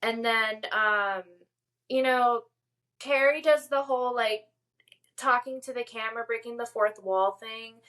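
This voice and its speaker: A woman's voice: a little high, measured pace, fairly bright tone. A woman co-hosting a podcast, recapping a TV episode in casual, enthusiastic chat with many filler words. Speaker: podcast co-host.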